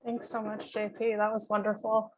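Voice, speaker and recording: A woman's voice: mid-range voice, completely flat delivery, normal speed, darkish tone. A woman hosting a reading event, introducing writers in a chatty way with many filler ums. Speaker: event host introducing readers.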